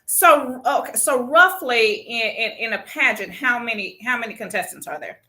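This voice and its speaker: A woman's voice: on the high side, lively intonation, moderate pace, pushed and bright. A woman hosting an interview over a video call, chatty, playful and encouraging. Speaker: host. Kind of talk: casual interview chat.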